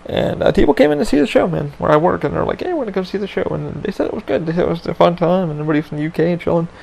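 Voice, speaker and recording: In a casual podcast chat, a man hosting the show spins a story full of profanity and laid-back digressions. His darkish voice is fairly high, with vocal fry, and he talks rapid-fire. Audio quality is poor.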